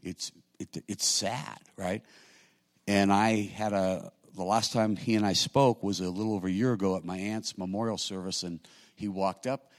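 A middle-aged male pastor delivering a sermon in a fairly low voice. He talks to the congregation in an easy, conversational way, then climbs into loud, emphatic bursts to drive a point home. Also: fairly even intonation, normal speed. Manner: conversational preaching, swelling to loud emphatic peaks.

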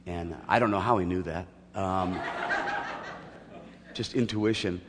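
A middle-aged male pastor preaching a sermon, telling a personal story with gentle humor before building into emphatic teaching. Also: low-pitched, slow pace, big-room sound, noisy background.

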